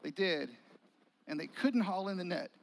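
High-voiced pastor telling a story. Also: male voice, moderate pace, vocal fry, low-quality recording. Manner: animated, conversational, acts out quotes and jokes. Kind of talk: sermon storytelling.

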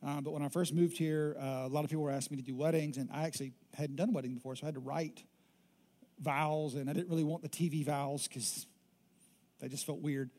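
A man in his thirties preaching a sermon as pastor, emphatic and swinging from loud declarations to hushed, intimate lines. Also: on the high side, steady tone, fast.

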